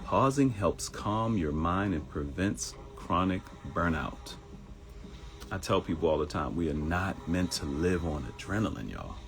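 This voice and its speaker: A man's voice: low-pitched, big pitch swings, measured pace. A middle-aged man from Baltimore hosting a live talk show, chatty and storytelling, calling his listeners y'all. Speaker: host.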